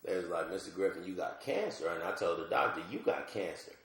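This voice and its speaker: A man with a very low, gravelly voice tells a comic story in a loose, casual way. He is from Georgia and jumps into acted voices as he goes. The room around him is echoey. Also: quick pace. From Georgia, USA. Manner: animated, acts out voices with big pitch jumps. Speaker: comedian guest.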